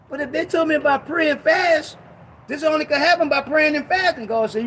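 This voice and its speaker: A man preaching an informal Bible teaching sermon, emphatic and slangy, repeating himself and breaking into shouted bursts. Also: very high-pitched, fairly quick, a little hiss or hum.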